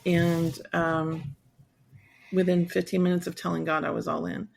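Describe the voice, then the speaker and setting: Candid woman with a gravelly voice. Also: on the low side, flat delivery, a little slow, darkish tone, slight background noise. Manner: candid, rambling, acts out quoted voices. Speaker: guest, survivor advocate. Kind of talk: personal storytelling in a podcast interview.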